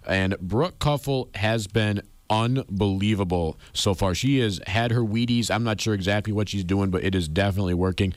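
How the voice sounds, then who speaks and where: Chatty young man talking sports, low voice. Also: normal speed, few pauses, no echo. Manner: enthusiastic, chatty. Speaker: co-host. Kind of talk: casual sports chat.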